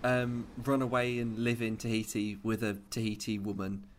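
A man's voice: on the low side, normal speed, slight background noise. A man co-hosting a podcast about films, talking casually with hesitations and fillers. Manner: animated, hesitant, chatty. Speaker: podcast co-host. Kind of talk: casual chat.

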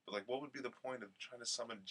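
A man's voice: medium pitch, very fast, fairly bright tone, slightly rough. A man co-hosting a podcast, trading profane jokes in casual chat. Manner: joking, profane banter. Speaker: podcast co-host.

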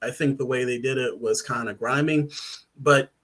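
A man's voice: mid-range voice, fairly even intonation, moderate pace, a bit bright. A man, a writer guest on a podcast, talking casually in a rambling, hesitant way with many fillers and restarts.

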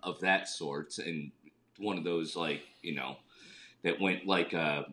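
A man's voice: low voice, fairly even intonation, slow pace, bright, forceful tone. A man in casual podcast chat, rambling and filling his sentences with "like". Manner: rambling, heavy use of "like". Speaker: podcast co-host.

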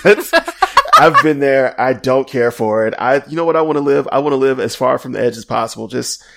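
A man's voice: mid-range voice, brisk, vocal fry, sharp tone. Rambling man co-hosting a podcast. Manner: rambling, self-interrupting, laughs often. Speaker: podcast co-host. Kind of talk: casual chat.

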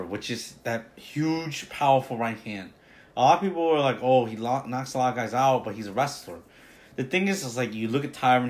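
A man's voice: mid-range voice, fairly bright tone. A man giving a casual, opinionated fight breakdown, rambling with many fillers and restarts. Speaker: MMA fight analyst.

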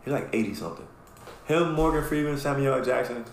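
A man on a podcast telling a long, profane story in a casual, animated way, acting out what people said. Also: medium pitch, quick pace, gravelly, slight background noise. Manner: animated, profane storyteller who acts out quotes. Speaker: podcast co-host. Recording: echoey room with faint ambience.

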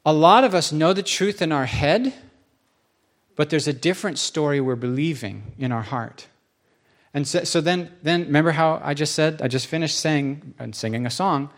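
A man's voice: fairly high pitch, animated, a little slow. A man preaching a sermon in a church, speaking conversationally and acting out quotes with rising emphasis.

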